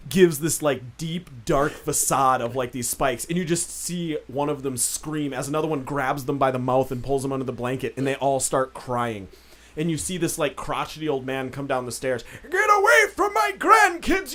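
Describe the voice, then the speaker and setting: A man running a tabletop game as dungeon master, narrating casually with lots of fillers. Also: medium pitch.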